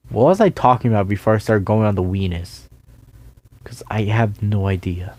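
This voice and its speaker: A man with a lowish, gravelly voice rambles through a solo video rant. He sounds tired and yawny, and keeps drifting off topic into sarcastic asides. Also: normal speed, a little mellow, no echo. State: tired, yawning. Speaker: YouTuber.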